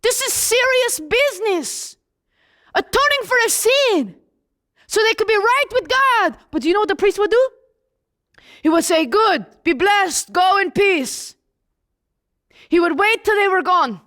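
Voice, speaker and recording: A woman's voice: very high-pitched, animated, unhurried, pauses often, a bit bright, heavily acted. A woman playing the apostle John, retelling his days with Jesus in first person and asking the listeners questions directly. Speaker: storyteller in character. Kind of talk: first-person Bible storytelling.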